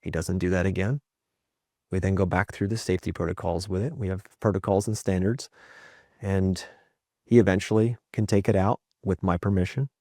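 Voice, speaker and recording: Male podcast guest and father, low-ish voice, dry close sound; reflective storyteller who tags lines with "right?". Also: moderate pace, no echo. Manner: reflective, often asks for agreement with "right?"; lively acted-out quotes in his stories. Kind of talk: candid storytelling in conversation.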